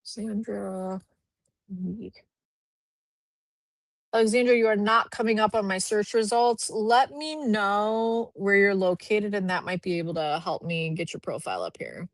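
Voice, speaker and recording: A woman's voice: medium pitch, lively intonation, a little slow, no room sound. A woman recruiter hosting a live stream, chatting casually and upbeat as she reviews profiles from a home office. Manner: chatty, upbeat, thinks aloud while clicking through profiles. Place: home office with a dog nearby.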